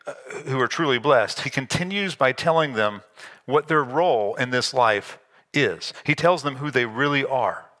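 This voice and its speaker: A man's voice: mid-range voice, bright, forceful tone. A man preaching a sermon, explaining scripture in a conversational way and slipping in self-deprecating asides. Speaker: pastor.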